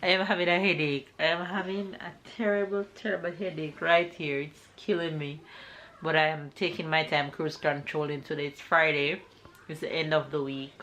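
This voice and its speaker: A woman's voice: low voice, fairly even intonation, moderate pace, fairly bright tone, a little hiss or hum. A Jamaican woman in her thirties chatting casually to her vlog camera at home, laughing often and playing with her toddler. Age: 30s. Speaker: family vlogger. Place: home bedroom.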